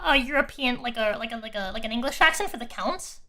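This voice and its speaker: A woman's voice: high voice, lively intonation, fairly quick, few pauses, bright, forceful tone. A woman streamer chatting casually while playing a game, rambling and restarting her sentences and laughing often. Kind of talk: casual live-stream gameplay chat.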